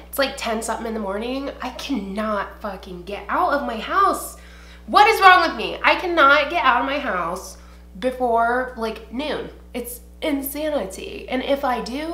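A woman's voice: fairly high pitch, a bit bright. Breathless, swearing young woman in an echoey room. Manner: rambling, frequent swearing. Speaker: beauty vlogger. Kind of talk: casual get-ready-with-me chat. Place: home room, indoors.

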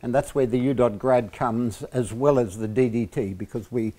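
A man with an Australian accent giving a university lecture, pausing often on fillers and slipping in joking asides. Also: mid-range voice, dark tone.

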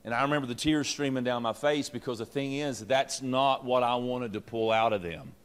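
A man's voice: mid-range voice, steady tone, fairly quick, clean tone. A middle-aged man, a pastor teaching leaders in a folksy, joking way with many fillers and restarts. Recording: long reverb from a hall.

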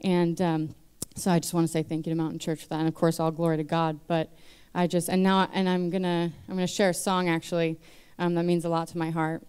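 Smooth-voiced young woman giving testimony. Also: lowish voice, little pitch movement, fast talker, darkish tone. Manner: nervous, candid, chatty with many fillers. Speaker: church member giving testimony. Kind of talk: personal testimony. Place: church stage.

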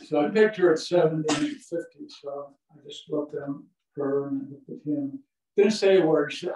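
A man's voice: a little high, moderate pace, mellow, slight background noise. A man from Ohio telling folksy, rambling stories in a lecture over a video call. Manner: folksy, rambling, with many uh fillers. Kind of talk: storytelling lecture. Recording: echoey, distant from the mic.

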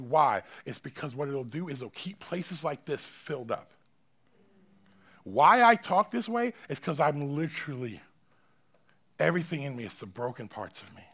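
Male pastor, Southern American, fiery but slangy sermon delivery, bright raised voice, drops to a hush at times. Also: big pitch swings, moderate pace, breathy edge. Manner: swings between loud preaching and low, close talk; casual, slangy phrasing. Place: church.

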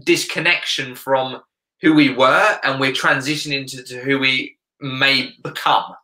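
A man's voice: medium pitch, fairly even intonation, measured pace, sharp tone, reverberant. A man speaking as a guest life coach in a casual interview, earnest and reflective, often searching for words.

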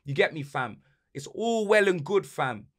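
A young man with a London accent rants about football on a podcast, swinging from loud outbursts to low muttering. His voice sits high and sounds bright and tense. He tacks slang tags onto nearly every sentence. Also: big pitch swings, measured pace. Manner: repeats slang tags like blood and fam, swings from shouting to muttering. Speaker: podcast host. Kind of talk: heated football rant.

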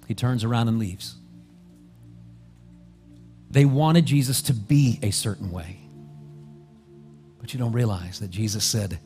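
Male pastor, mid-range voice, storytelling sermon in a church, soft music bed. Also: mid-range voice, unhurried, long pauses. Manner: storytelling, acting out scenes. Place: church sanctuary.

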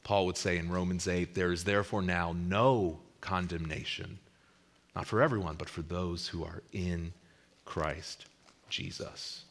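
A man preaching a sermon as pastor, swelling to loud emphasis and then dropping to a hushed close, sometimes repeating words as he restarts. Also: low voice, fairly even intonation, unhurried.

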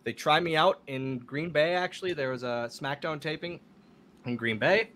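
Bright, animated male guest. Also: a little high, moderate pace, slight background noise. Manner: animated, laughs while telling stories. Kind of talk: casual storytelling.

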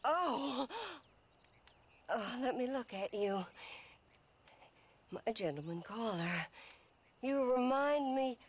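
A woman's voice: on the high side, expressive, slow, long pauses, full character voice. An actress voicing a distraught young woman in a video game, pleading in an old-fashioned, dreamy way. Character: distraught young woman awaiting her groom.

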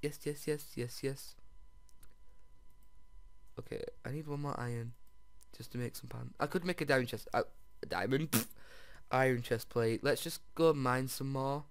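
A man giving let's-play commentary as he plays, excitable, often jumping to squeals over finds and talking straight to his viewers. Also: mid-range voice, normal speed, no echo. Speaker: video game player.

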